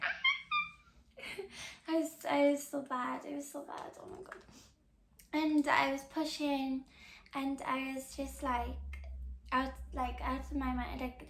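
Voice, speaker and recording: A young woman talks casually on her podcast in a high, slightly gravelly voice. She rambles, restarts her sentences and fills them with fillers. The room around her sounds echoey. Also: a little hiss or hum. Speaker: podcast host. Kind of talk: casual chat.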